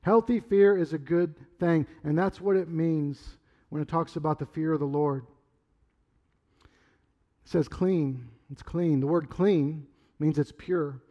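A middle-aged man preaching a sermon in a loose, conversational way, rambling through stories and sometimes shouting. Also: high voice. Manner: conversational, rambling storyteller with sudden loud outbursts. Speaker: pastor.

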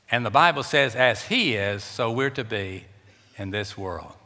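A man's voice: on the low side, lively intonation, unhurried, sharp tone. A man preaching a sermon as pastor in a church, emphatic and repeating words for stress. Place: church sanctuary. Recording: long reverb of a large church.

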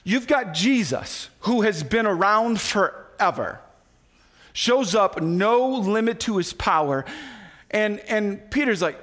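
A man preaching with a lively, swooping delivery and a fairly high voice for a man. He talks like a pastor in conversation with the room, acting out the people he quotes and slipping in quick asides. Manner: animated, acts out quoted voices with asides and laughs. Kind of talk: sermon. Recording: recorded sermon audio.

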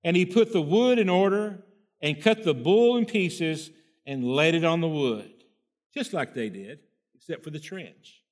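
A man's voice: a little high, lively intonation, unhurried. A man preaching a sermon, reading scripture aloud and breaking in with folksy asides and rhetorical questions. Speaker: pastor.

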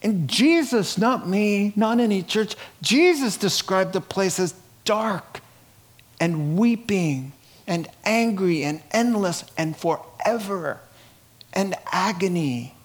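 A middle-aged man preaches in a slow, deliberate cadence, his voice sitting a little high for a man. He drops to near-whispers, then rises into loud, laughing outbursts as he drives his points home. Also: lively intonation. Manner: dramatic swings from hushed to loud, with bursts of laughter. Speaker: pastor. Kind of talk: sermon.

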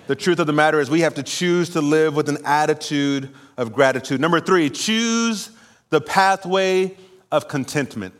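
A man preaching a sermon in church, telling a lively personal story with laughter before calling the congregation to respond. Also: medium pitch. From California. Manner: animated storytelling, laughing at himself, then preaching and calling for amens. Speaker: pastor. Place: church sanctuary.

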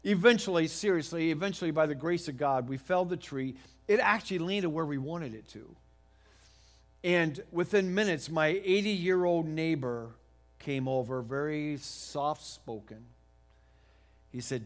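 A middle-aged American man preaching a sermon, telling a homey story in a folksy, animated way with frequent restarts. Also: a little high, moderate pace. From United States. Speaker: pastor.

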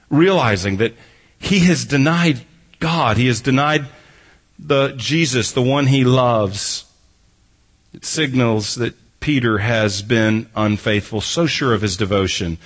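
A man's voice: mid-range voice, a bit bright. A man preaching an expository sermon who reads a scripture passage and then explains it, driving his points home through emphatic repetition. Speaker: pastor.

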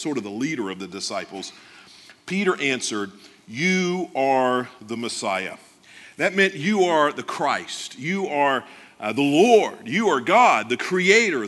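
A male pastor preaching a sermon, animated, acting out the lines he quotes. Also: on the high side. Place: church sanctuary. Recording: long church reverb.

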